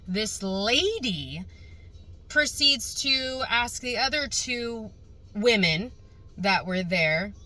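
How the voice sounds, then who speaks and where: A young woman vlogger telling a casual storytime rant, animated and exasperated, swearing freely. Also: lowish voice, poor audio.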